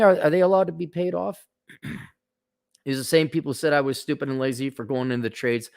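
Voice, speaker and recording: A man with a somewhat high voice gives blunt, casual advice. He talks in a sarcastic, stop-start way, repeating words as he goes. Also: brisk, gravelly, no room sound, clean studio sound. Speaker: host.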